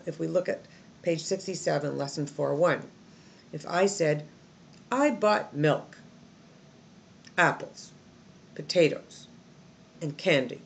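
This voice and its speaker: A woman with a low, gravelly voice leads an English lesson, and her pitch swings widely as she models the intonation patterns. It was recorded on a phone, with faint noise in the background. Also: darkish tone. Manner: demonstrates intonation with example sentences. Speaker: English teacher. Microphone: phone camera.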